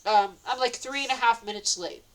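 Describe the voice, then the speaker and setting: Woman, casual storytelling vlog; rambling, restarts often, slightly high voice, breathless retelling. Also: fairly quick, poor audio. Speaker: vlogger.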